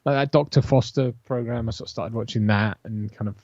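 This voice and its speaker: A man's voice: mid-range voice, fairly quick, darkish tone. A British man co-hosting a casual chat, talking in hesitant, wordy stretches with dry humour. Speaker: podcast co-host. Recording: slightly dull sound.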